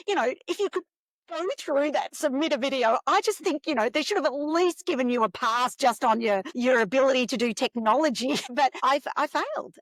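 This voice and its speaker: A woman's voice: fairly high pitch, no room sound. A woman, a podcast guest telling a personal story with feeling and acting out the voices of the people in it. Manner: animated, acts out dialogue in quoted voices.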